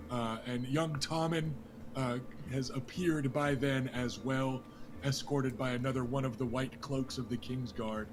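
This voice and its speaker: Slow-talking man running a tabletop game. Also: mid-range voice, background noise. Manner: unhurried, many fillers and hedges. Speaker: game master.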